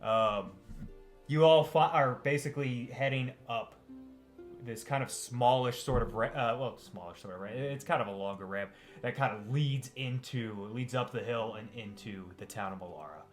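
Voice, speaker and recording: Guy running a tabletop game, enthusiastic and rambly, middle pitch. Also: moderate pace, soft background music. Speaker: game master.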